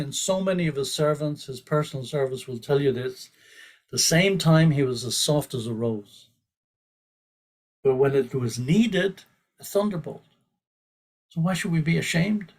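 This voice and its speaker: A man giving a scripture class as a sermon, telling stories in an animated way and often restarting his sentences. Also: a little high, breathy edge. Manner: animated, quotes with rising force, frequent restarts. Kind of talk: sermon with storytelling.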